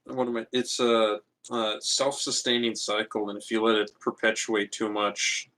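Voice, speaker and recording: A man's voice: lowish voice, level tone, normal speed, sharp tone, rough recording. A man in a casual group chat about a TV episode, rambling and restarting his sentences. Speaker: watch-along participant.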